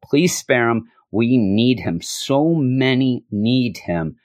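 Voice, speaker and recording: A man's voice: mid-range voice, lively intonation, slow pace, darkish tone, no echo. A devout older nun in desperate, fervent prayer, pleading again and again, as a man quotes her in a retelling. The sound is dry and close.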